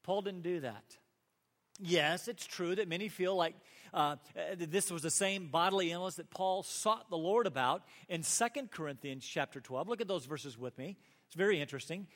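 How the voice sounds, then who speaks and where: A man preaching a sermon as pastor, earnest, rising to emphatic peaks and dropping to soft asides. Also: high-pitched, normal speed. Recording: long hall reverb.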